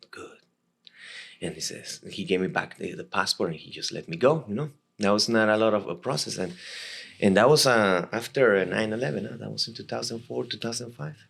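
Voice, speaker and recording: A man in his thirties from Costa Rica with a Spanish accent, telling a personal story as an interview guest in halting, repetitive speech. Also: fairly low pitch, vocal fry, fairly bright tone, slightly rough. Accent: Costa Rican Spanish. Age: 30s. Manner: halting, repeats and restarts words often. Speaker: guest, former legionnaire.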